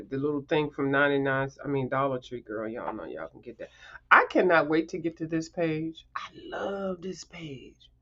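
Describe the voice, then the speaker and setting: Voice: mid-range voice, a bit bright, muffled recording. A coloring livestream host in a casual show-and-tell chat, rambling and chatty, with emphatic asides to viewers.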